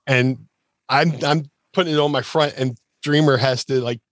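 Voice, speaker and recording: A man at an ordinary middle pitch spins a loose, rambling anecdote, full of fillers and restarts. He jumps into other people's voices when he quotes them. The sound is dry and close, with no room around it. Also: normal speed, dry recording. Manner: animated storyteller, acts out quotes in shifting voices. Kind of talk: casual anecdote telling.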